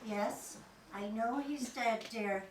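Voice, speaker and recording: A woman acting a bustling, excitable woman on the phone in a live stage comedy, with exclaiming, theatrical delivery. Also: on the high side, slow pace. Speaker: amateur stage actor. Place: stage in a hall. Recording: echoey hall from far off, with loud hiss.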